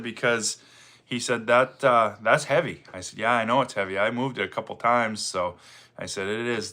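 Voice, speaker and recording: A middle-aged man with a Maine accent, hosting a relaxed livestream, greeting viewers by name and chatting with plenty of fillers. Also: mid-range voice. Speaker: livestream host, firewood seller. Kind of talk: casual livestream chat reading viewer comments.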